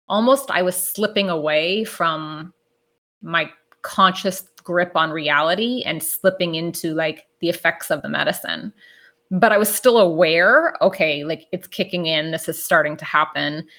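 A woman's voice: fairly low pitch, a bit bright. A woman telling a personal story in a casual, reflective way, with many filler "like"s.

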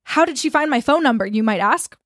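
A young woman co-hosting a podcast, telling a story in casual chat, animated and swearing as she acts out quotes. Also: high-pitched, a little fast, no echo, studio quality. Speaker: podcast co-host.

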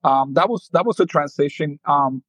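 A former professional baseball player in his fifties, from the Dominican Republic and speaking with a New York accent, tells animated stories in an interview where he's the guest, acting out quotes and laughing often. His voice is a little high and slightly rough, at a moderate pace. The low-quality recording has no echo.

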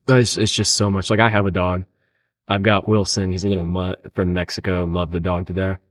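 This young podcast host has a low, fairly flat voice and a brisk delivery. In casual chat with a friend, he tells laid-back stories and says "dude" often.

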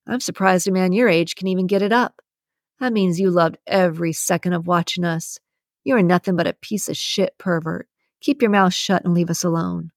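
A protective, hot-tempered young boyfriend who barks his threats, as a woman reads him in a low voice. The sound is dry and close, with no echo. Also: moderate pace, natural voice. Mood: angry. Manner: barking, angry.

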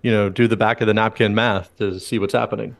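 Low-voiced man, wry podcast chat. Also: steady tone, fast talker, creaky. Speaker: podcast host.

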